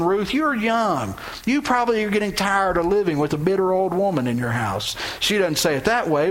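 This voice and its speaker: A man preaching a sermon, retelling a story with animated delivery and acted-out quotes. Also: poor audio. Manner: animated storytelling, acts out quoted lines with pitch swings. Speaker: pastor.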